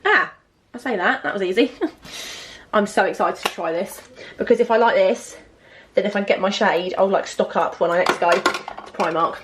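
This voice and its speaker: A woman's voice: mid-range voice, normal speed, a little hiss or hum. Chatty young woman vlogging. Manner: chatty and excitable, many fillers and asides. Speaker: beauty vlogger. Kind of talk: casual makeup collection vlog.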